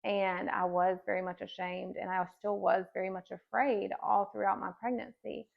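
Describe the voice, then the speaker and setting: A woman's voice: medium pitch, steady tone, moderate pace, creaky, lo-fi sound. A woman in her thirties giving an earnest personal faith testimony as a podcast guest, telling her story with many casual fillers.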